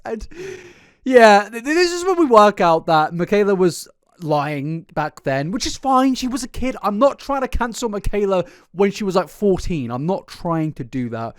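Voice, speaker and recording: A man hosting an internet commentary video, animated, laughing often, stumbling over restarts. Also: sits high, normal speed, no echo, clean studio sound. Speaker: commentary host. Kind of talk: commentary narration.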